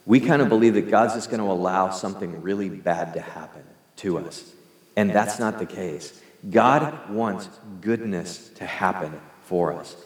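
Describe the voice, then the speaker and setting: Low-voiced pastor in an echoey hall. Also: male voice, unhurried. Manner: conversational, earnest, leads congregation in prayer. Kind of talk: sermon. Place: church hall.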